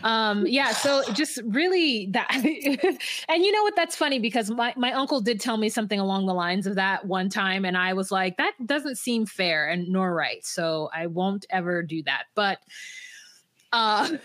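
A woman's voice: mid-range voice, expressive, a little slow, fairly bright tone, no room sound. A woman co-hosting a podcast, chatting casually and wryly as she recaps, laughing often. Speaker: podcast co-host.

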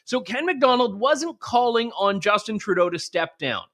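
A man's voice: high voice, very animated, moderate pace, creaky, a bit bright. A Canadian man giving sarcastic, jokey political commentary. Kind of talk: opinion commentary.

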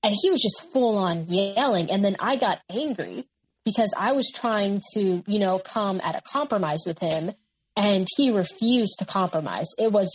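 A woman's voice: mid-range voice, expressive, moderate pace, poor audio. A nineteen-year-old woman, a guest in an interview, recounting a personal story in a candid, matter-of-fact way.

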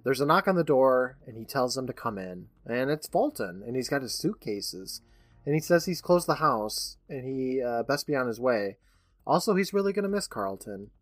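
A man's voice: mid-range voice, no room sound. A man co-hosting a podcast, recapping an episode in casual chat, acting out lines and laughing often. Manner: animated storyteller, laughs often, acts out lines. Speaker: podcast co-host.

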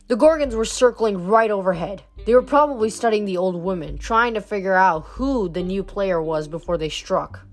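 A woman reading a novel aloud, with an even storytelling delivery. Her voice sits at a middle pitch, with faint music running beneath. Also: moderate pace, hardly any pauses. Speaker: reader.

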